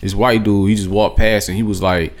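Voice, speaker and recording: A man's voice: on the low side, little pitch movement, brisk. A man co-hosting a podcast, telling stories bluntly with lots of profanity in casual chat. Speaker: podcast co-host.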